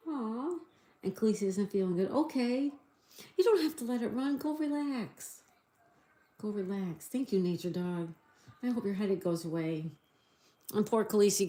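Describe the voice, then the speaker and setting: A woman's voice: fairly low pitch, warm tone. A woman hosting a casual live stream, spelling out answers letter by letter and reading viewer comments aloud.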